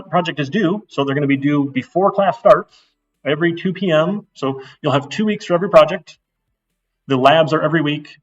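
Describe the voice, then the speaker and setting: A man's voice: a little high, far from the mic, highs cut off. A middle-aged man giving a casual, blunt course intro lecture to a class, getting worked up as he talks. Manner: blunt, chatty, gets worked up. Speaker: university instructor.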